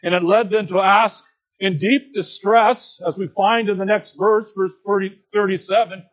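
A man preaching an expository sermon, slow and deliberate, dropping to hushed low tones and then rising to emphatic lines. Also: fairly even intonation, dull audio.

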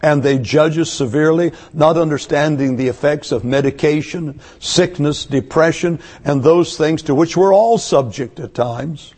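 A man's voice: on the high side, moderate pace, hardly any pauses, a little mellow. A man preaching a sermon to his church, emphatic and asking one rhetorical question after another. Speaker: pastor. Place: church service.

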